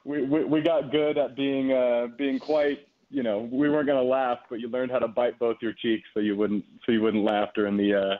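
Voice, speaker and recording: A man in his twenties, a former pitcher, telling stories in a relaxed way with plenty of fillers. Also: moderate pace, few pauses. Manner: relaxed storytelling, frequent fillers. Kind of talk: casual phone interview. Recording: tinny phone line.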